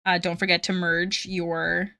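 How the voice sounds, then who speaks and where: Bright-voiced woman streamer chatting while drawing. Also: fairly low pitch, little pitch movement, a little slow, creaky, clear, resonant tone, no room sound. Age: 30s. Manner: rambling, laughs often, quotes memes in put-on voices. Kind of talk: casual livestream chat while drawing.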